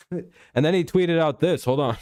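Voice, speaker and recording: A man's voice: a little high, takes it slowly, darkish tone, dry recording, studio quality. A man hosting a casual live stream, rambling and swearing freely, with chuckles and frequent restarts. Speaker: stream host.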